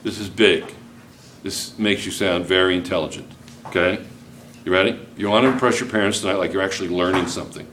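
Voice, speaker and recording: A man's voice: deep voice, fairly even intonation, brisk, background noise. A male chemistry teacher, giving a joking classroom lecture and constantly checking in with students.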